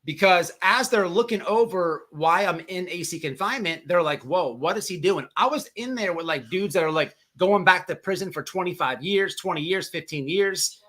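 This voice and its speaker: Casual male livestream host, swears freely, trips over repeated words, bright timbre. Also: sits high, moderate pace, hardly any pauses. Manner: rambling, profane, repeats words.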